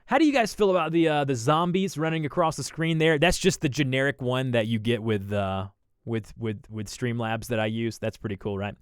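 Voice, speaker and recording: A man's voice: mid-range voice, a little fast, clean tone, no echo, clean studio sound. A young man with a Southern American accent, chatting casually with viewers on a livestream while he edits video, rambling and restarting his sentences. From Southern United States. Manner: chatty, thinks aloud, frequent restarts and fillers. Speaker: livestream host.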